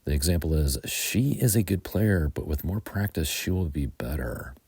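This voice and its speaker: A man with an American accent teaching English grammar, explaining slowly and methodically with frequent ums. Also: rumbling low, expressive, darkish tone, slightly rough, no echo.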